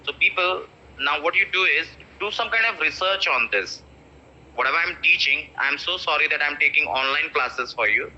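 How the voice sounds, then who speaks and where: A man in his thirties with an Indian English accent, teaching pronunciation in an online class and repeating each word slowly. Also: fairly high pitch, expressive, sharp tone, a little hiss or hum. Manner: repeats words slowly for drills, mixes in Hindi. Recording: dull lo-fi online-class audio.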